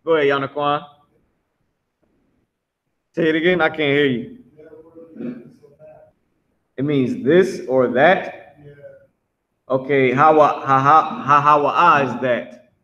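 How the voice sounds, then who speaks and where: A man teaching a live online language class, drawing out drilled words slowly and talking bluntly. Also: fairly high pitch, a bit bright, dull audio. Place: Philadelphia.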